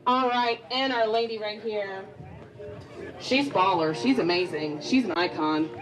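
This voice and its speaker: This event emcee is a woman working a live eating contest in a busy restaurant, bantering cheerfully with contestants over a handheld mic. She has a mid-range voice and a slightly slow delivery, captured on poor-quality audio.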